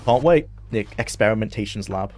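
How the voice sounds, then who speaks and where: A young man chatting loosely as he streams a game, rambling and quick to laugh. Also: lowish voice, lively intonation, a little mellow. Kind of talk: casual live-stream gameplay commentary.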